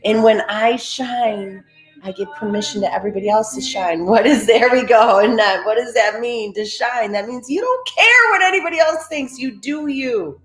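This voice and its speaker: A woman's voice: a little high, moderate pace, fairly bright tone, reverberant, soft background music. A woman leading a live-streamed guided breathing and affirmation session, coaxing listeners through repeated instructions and reading out viewers' names. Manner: repetitive, coaxing instructions, calls listeners "baby"; reads out viewers' chat names.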